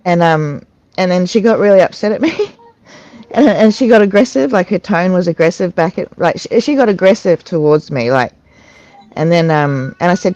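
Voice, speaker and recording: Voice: mid-range voice, animated, darkish tone, no echo, muffled recording. An adult talking candidly at a recovery meeting, with many restarts, fillers and laughs while recounting. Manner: halting, frequent restarts and fillers. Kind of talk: candid personal sharing. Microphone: online video call.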